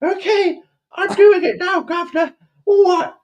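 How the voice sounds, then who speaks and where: A man voicing a cheeky, eager male Cockney servant in a squeaky high falsetto, as a comic improvised impression. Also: steady tone, a little slow, highs cut off.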